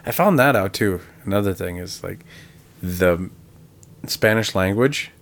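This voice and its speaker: A man's voice: deep voice, a little slow, gravelly. A young man co-hosting a podcast in casual chat, easygoing and playful, thinking aloud as he goes. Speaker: podcast co-host.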